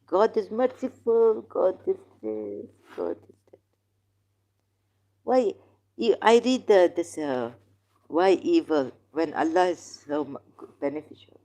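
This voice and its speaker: Host for a slow, argumentative solo commentary; non-native English, mellow low-key tone. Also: big pitch swings. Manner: rambling, argumentative, questions the listener. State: in neck pain, groaning. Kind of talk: casual religious commentary monologue.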